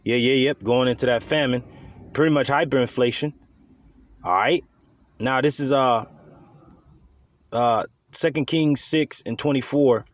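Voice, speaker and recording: A man's voice: mid-range voice, unhurried, pauses often. A man giving casual, emphatic scripture teaching, reading verses aloud and commenting in a loose, conversational way with occasional swearing. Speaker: bible teacher.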